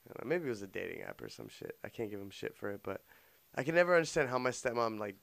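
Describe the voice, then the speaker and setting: A man on a podcast in casual chat, laid-back and slangy with quick asides. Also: on the low side, very animated, vocal fry, a bit bright, no room sound. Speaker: podcast co-host.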